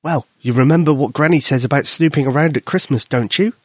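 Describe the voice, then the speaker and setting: A man's voice: a little high, fairly quick, slightly rough, no echo, clean studio sound. A man voicing a little boy, an imaginary friend who warns and teases, in a children's story. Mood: cautious. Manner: warning, teasing tone.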